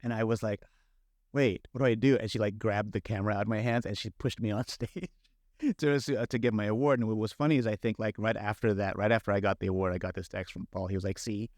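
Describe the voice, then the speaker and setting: Middle-aged male director, low voice, chatty and animated, dry close mic. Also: quick pace, no room sound. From San Francisco Bay Area. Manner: animated, lots of filler and quoted inner thoughts. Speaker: film director, interview guest. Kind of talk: casual conversational storytelling.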